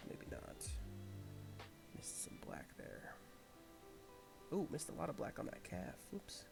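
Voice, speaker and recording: A man hosting a casual livestream, muttering quietly to himself as he concentrates on painting a miniature. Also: a little high, wildly swooping pitch, takes it slowly, vocal fry, over music. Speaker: host.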